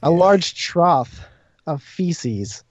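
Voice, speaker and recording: A man's voice: on the high side, expressive, very slow, dry recording. A man narrating as game master, explaining rules and describing scenes patiently. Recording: dull lo-fi stream audio.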